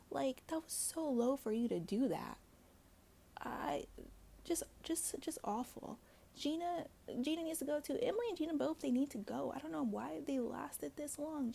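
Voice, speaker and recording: Woman host, gravelly mellow voice, blunt gossipy solo commentary. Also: on the high side. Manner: blunt, gossipy, swears freely; chatty with frequent fillers and asides. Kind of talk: casual solo commentary to viewers.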